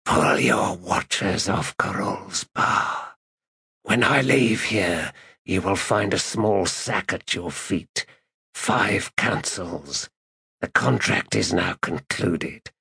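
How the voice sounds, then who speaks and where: A man voicing a cold, controlled stranger who threatens an assassin in an audiobook, in a raspy near-whisper. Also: sits low, takes it slowly, bright, forceful tone, no room sound, clean studio sound, exaggerated voice. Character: menacing mysterious male stalker, cold and controlled. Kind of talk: audiobook narration.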